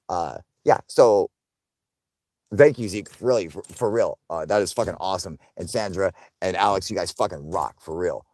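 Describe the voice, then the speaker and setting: A young man hosting a casual livestream, swearing often, laughing, and loudly thanking viewers for donations. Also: low-pitched, normal speed, no room sound, studio quality. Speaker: livestream host.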